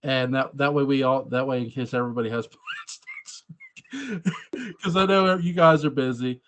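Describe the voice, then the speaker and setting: A man hosting a casual podcast over a remote call, animated and laughing, swearing casually as he tells stories. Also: medium pitch, moderate pace, slight background noise. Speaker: podcast host.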